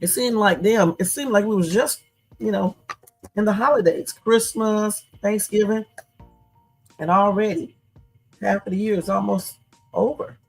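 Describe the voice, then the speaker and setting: A woman's voice: mid-range voice, a little slow, vocal fry, pauses often, a little mellow, breathy edge. A woman hosting a late-night livestream, talking casually and chatting straight to her viewers as "y'all". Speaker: livestream host. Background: faint music.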